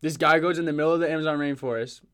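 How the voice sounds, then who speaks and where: A man's voice: a little high, steady tone, very fast, a bit bright, clear, resonant tone. A young man co-hosting a podcast, rambling through stories in casual banter, swearing freely and laughing often. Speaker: podcast co-host.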